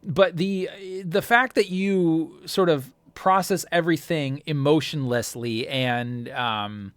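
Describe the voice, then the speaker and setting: A man's voice: on the high side, slow, fairly bright tone, smooth, no echo. A man narrating a tabletop role-playing game as game master, rambling with many fillers.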